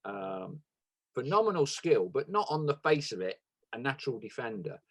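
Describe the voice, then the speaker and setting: A man's voice: medium pitch, sing-song, moderate pace. A man hosting a podcast, asking hesitant questions with many fillers. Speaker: podcast host. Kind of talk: casual interview.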